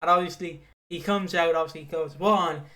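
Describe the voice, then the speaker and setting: Rambling, excitable young man, fairly high. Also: fast. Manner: rambling, swears often, excitable storyteller. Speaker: podcast co-host. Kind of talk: casual wrestling chat.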